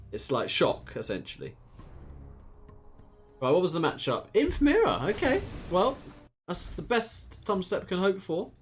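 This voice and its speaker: A man from near London with an Essex accent, giving lively play-by-play commentary on a strategy game match and reading out viewer chat. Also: sits high, slow pace, pauses often, faint music behind. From England, near London. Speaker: esports caster.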